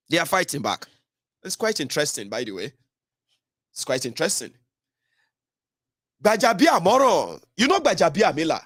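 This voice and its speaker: Nigerian guy ranting about politics, kinda high voice that jumps all over, mocking and fired up, dry close sound. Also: a bit bright, no room sound. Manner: fiery, mocking, slips into Pidgin. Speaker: political commentator. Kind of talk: heated political commentary.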